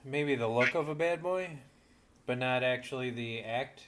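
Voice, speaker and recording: A podcast co-host speaks at a middle pitch and chimes in with short, agreeable comments during casual chat. The voice sounds a little farther from the mic than the main speaker's. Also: unhurried, slight background noise. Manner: brief supportive interjections.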